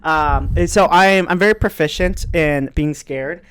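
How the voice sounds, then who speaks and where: A man co-hosting a podcast in casual chat, jokey and animated, often slipping into silly voices. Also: a little high, unhurried, slight background noise. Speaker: podcast co-host.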